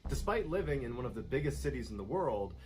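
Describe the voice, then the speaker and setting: A man narrating a true-crime style scary story in a steady, suspenseful storytelling manner. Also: mid-range voice, fast talker, crowd noise, poor audio.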